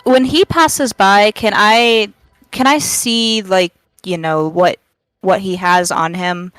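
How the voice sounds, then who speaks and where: A woman playing a tabletop game who talks quickly and chattily, both as herself and in character. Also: mid-range voice, fairly even intonation, fairly bright tone, clean tone, no echo, soft background music, poor audio. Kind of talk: casual chat and in-character talk.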